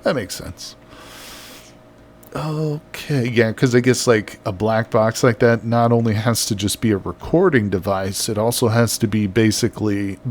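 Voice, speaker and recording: A man with a lowish, slightly mellow voice chats casually on a live game stream while building, reading out viewer messages and laughing a lot. There's slight background noise.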